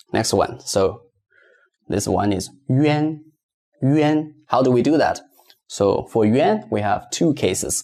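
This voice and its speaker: A man's voice: mid-range voice, a little mellow. A man teaching a step-by-step pinyin lesson, patiently repeating each word several times for learners. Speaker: Mandarin teacher.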